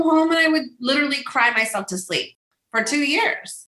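A woman guest speaking in a casual interview, animated and acting out quoted lines in a high voice. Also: moderate pace, reverberant, shouting. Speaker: guest, business coach.

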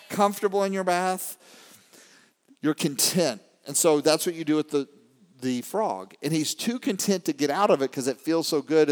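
A fairly high-voiced man gives a rousing keynote from a stage, jumping from quiet, confiding lines to shouted bursts. He keeps firing questions at the crowd and pushing for answers. The sound rings with the long reverb of a big hall. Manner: dynamic, swings from hushed to shouting; rallies the crowd with call-and-response questions. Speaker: motivational speaker. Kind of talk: live keynote to an audience.

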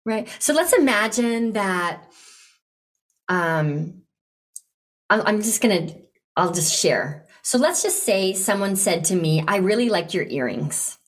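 A woman coaching a client in conversation, encouraging and animated, acting out eager invitations to make her point. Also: medium pitch, slow pace, pauses often. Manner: encouraging, animated, role-plays enthusiastic invitations. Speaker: business coach hosting a coaching session.

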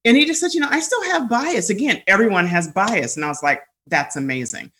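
A woman guest telling personal stories in candid conversation, animated, laughing often, with many fillers and restarts. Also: medium pitch, brisk, slight background noise.

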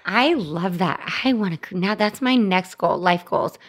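A woman's voice: medium pitch, lively intonation, moderate pace. A young woman co-hosting a podcast, reacting with exclamations and teasing her friend. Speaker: podcast co-host. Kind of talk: casual chat.

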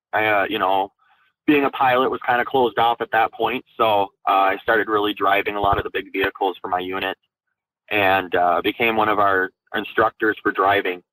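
A young man with a fairly low voice recounts his own story in an interview. He speaks candidly and haltingly, with frequent fillers and restarts as he gathers his thoughts. He is a veteran from Minnesota. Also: bright, forceful tone, rough recording. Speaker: guest, Army National Guard veteran.

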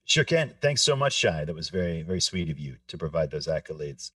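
A man co-hosting a podcast, explaining things in a measured, explanatory way. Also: rumbling low, big pitch swings, a bit bright, dry recording, far from the mic. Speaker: podcast co-host. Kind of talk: casual podcast discussion.

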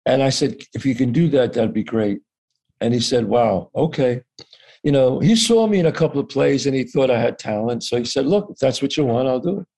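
A guest actor with a medium-pitched, fairly quick voice tells a story from his life in casual conversation. He's animated and profane, swearing freely and acting out the voices of the people in it.

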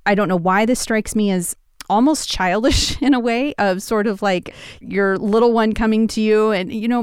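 A woman teaching a Bible passage in a casual, conversational way, telling the story with animated quoted lines. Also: mid-range voice, moderate pace, smooth, dry recording, studio quality.

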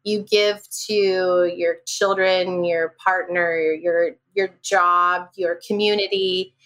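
A woman hosting a casual interview, speaking warmly and encouraging her guest with generous praise. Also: lowish voice, little pitch movement, takes it slowly. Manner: warm, encouraging, gushing praise. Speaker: podcast host.

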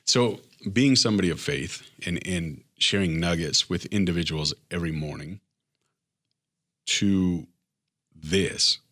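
A man interviewing a guest, giving gentle, brief, supportive responses and asking questions. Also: deep voice, measured pace. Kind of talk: interview with short backchannels.

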